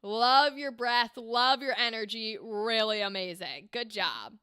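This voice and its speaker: Bubbly high-voiced woman host. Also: lively intonation, slow pace, hardly any pauses, sharp tone, clean tone, no room sound, clean studio sound. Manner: enthusiastic, gushing praise. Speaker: livestream host reviewing voice auditions. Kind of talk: casual livestream commentary.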